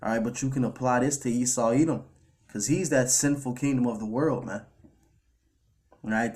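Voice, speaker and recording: A man's voice: mid-range voice, a little mellow. A man preaching a casual sermon, reading scripture and tacking on "all right" and "man" as he goes. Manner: loose, repetitive fillers like "all right" and "man", reads scripture aloud. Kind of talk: casual street-style sermon over clips.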